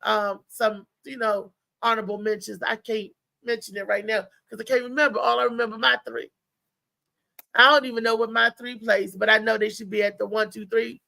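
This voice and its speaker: A woman from Maryland hosting a live show, telling a story in a chatty, animated way and talking straight to her listeners. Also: fairly high pitch, a little fast, creaky, dry recording. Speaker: show host.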